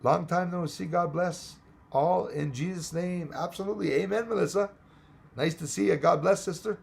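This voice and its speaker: A man hosting a casual livestream, reading out chat names and greetings, his voice going hoarse and rambling between English, French and Spanish. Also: high-pitched, normal speed. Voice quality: gravelly, hoarse voice. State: losing his voice.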